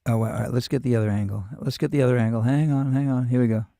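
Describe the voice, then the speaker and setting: A man's voice: medium pitch, steady tone, quick pace, vocal fry, warm tone, no echo, clean studio sound. A male show host with a New York accent, rambling through a profane, casual monologue full of restarts.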